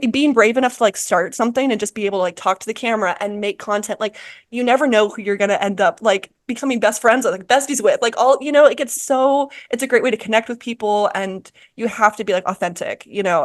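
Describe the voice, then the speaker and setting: A young woman hosting a podcast, chatting casually and rambling through many restarts and fillers. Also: a little high. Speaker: podcast host. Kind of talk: casual chat.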